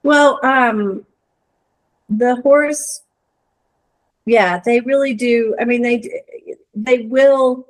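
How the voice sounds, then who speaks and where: A middle-aged woman, a guest in a conversation, telling a reflective story with many restarts and searching pauses. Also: on the high side, poor audio. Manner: earnest, searching, lots of hedges and restarts. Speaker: interview guest.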